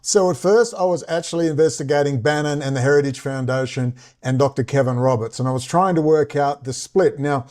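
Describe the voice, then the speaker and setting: A man ranting in casual commentary, sarcastic and mocking, often jumping into high exasperated tones. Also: fairly quick, hardly any pauses, darkish tone. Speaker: vlogger.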